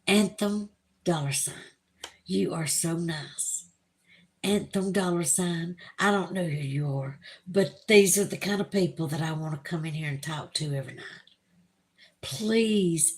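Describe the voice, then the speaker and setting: A woman with a Southern US accent hosting a livestream, reading viewer comments aloud in a gushing, emotional, chatty way. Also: on the low side. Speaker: livestream host. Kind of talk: casual live chat reading viewer comments.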